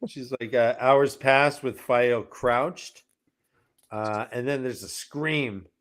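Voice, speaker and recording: A man co-hosting a casual book-club show, recapping chapters with animated storytelling and jumping into high mocking character voices. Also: slow pace. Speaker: podcast co-host recapping chapters.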